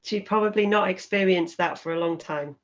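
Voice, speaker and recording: A woman in casual chat who gives brief, unhurried replies. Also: fairly low pitch. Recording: dull lo-fi sound.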